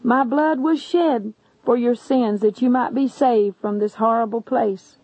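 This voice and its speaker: A woman's voice: on the high side, unhurried, a little mellow, husky, dry recording. A woman voicing a sorrowful male savior who speaks solemnly of judgment. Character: sorrowful stern male savior judging souls. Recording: dull lo-fi recording.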